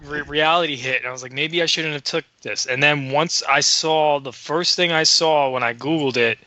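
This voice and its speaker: A man co-hosting a podcast, telling a story in casual chat, excitable and full of swearing. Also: a little high, moderate pace. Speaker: podcast co-host.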